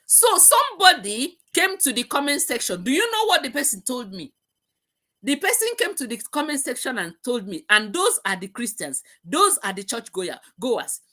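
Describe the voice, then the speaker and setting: Here a middle-aged female host speaks passionately in an emotional live-stream talk, preaching and repeating herself. Her pitch is fairly high, with a bright, forceful quality.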